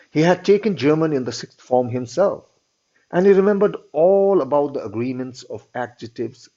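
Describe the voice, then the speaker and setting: A husky male teacher walks his class through a story, retelling it plainly in his own words and checking in with "all right?". His voice sits at an ordinary pitch. The recording is dull and lo-fi. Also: mellow.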